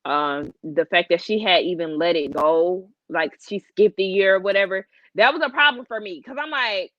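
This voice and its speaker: A woman's voice: lowish voice, moderate pace, dry recording, lo-fi sound. A woman co-hosting a casual live chat, talking to her viewers with big emotional swings. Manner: animated, emotional, talks to viewers as y'all. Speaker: co-host.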